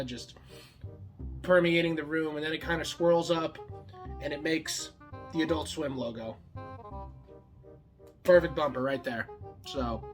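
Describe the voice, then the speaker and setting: Rambling comedian pitching show ideas. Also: male voice. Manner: rambling, full of filler words, swears freely; acts out the other characters' lines in quick bursts. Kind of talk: casual comedic monologue.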